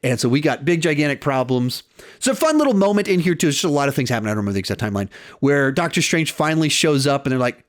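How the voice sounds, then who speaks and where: Man giving an animated film review. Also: fairly high pitch, racing, dry recording, clean studio sound. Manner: animated, retells scenes acting out quotes. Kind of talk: casual spoken movie review.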